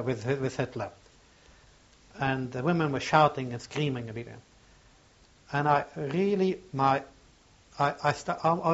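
Older man, oral history testimony, halting speech, mid-pitched voice, muffled lo-fi audio. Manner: halting, searching for words. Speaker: interviewee. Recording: dull lo-fi recording.

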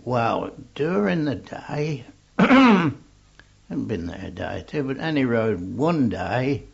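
A man's voice: medium pitch, sing-song, slow, gravelly, slightly rough. An older man with an English accent, recalling his soldiering days in a rambling, plainspoken oral history on a dull old tape recording.

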